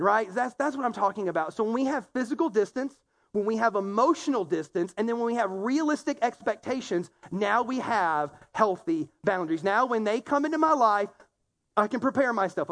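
Animated man preaching to a congregation. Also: high-pitched, fairly quick. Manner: animated, acts out quoted complaints in a raised voice; conversational, talks directly to a laughing congregation. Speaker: pastor. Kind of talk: sermon.

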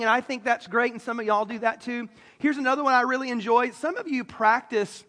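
A man's voice: very high-pitched, bright, forceful tone, big-room sound. A man preaching a sermon, joking with the congregation and talking straight to them. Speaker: pastor. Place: church sanctuary.

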